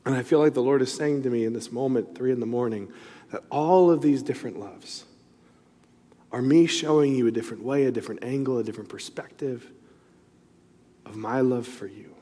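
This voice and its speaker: A man's voice: medium pitch, a little fast, mellow. A middle-aged man preaching a sermon, telling a personal story in a loose, conversational way with many asides. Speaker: pastor. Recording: long reverb in a large hall.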